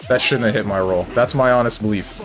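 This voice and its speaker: Low-voiced man reacting to a fighting game. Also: quick pace. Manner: reactive, frustrated outbursts and exclamations. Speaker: streamer. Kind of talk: casual gaming commentary. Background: fighting game music.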